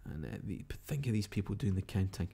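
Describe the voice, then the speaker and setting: A Scottish radio-style host covers overnight results live, chatting casually, musing and reading tweets, updates and messages. His low-ish voice has lively intonation and a fairly quick pace, sounding creaky, dark and slightly rough.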